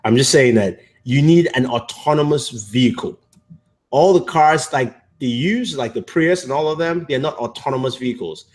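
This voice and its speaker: A man's voice: medium pitch, normal speed. A man co-hosting a casual movie review chat, rambling with many fillers and restarts. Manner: acts out characters' lines in quotes.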